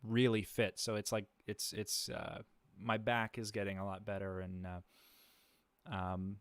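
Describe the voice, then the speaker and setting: A man's voice: fairly low pitch, clean tone, no room sound. A man hosting a livestream, chatting casually with many fillers and restarts, chuckling now and then. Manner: laid-back, chuckles often. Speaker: livestream host.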